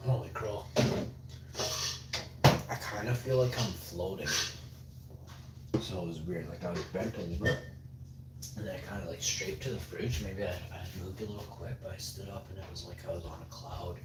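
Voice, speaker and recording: A man's voice: low voice, moderate pace, long pauses, echoey room, heavy background noise. A man from Canada, rambling drowsily on a casual live stream at home, trailing off into mumbles and half-whispers.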